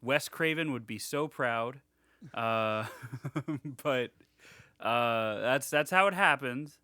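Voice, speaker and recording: A man's voice: medium pitch, slow pace, sharp tone, no echo, clean studio sound. A young man co-hosting a podcast in casual chat, rambling with lots of restarts and swearing. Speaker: podcast co-host.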